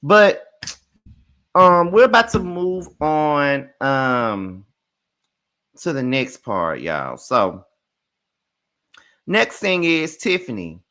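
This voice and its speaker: Young man, reality show recap host, bright edgy voice, sassy and profane, animated retelling. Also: on the high side, extremely slow, pauses often.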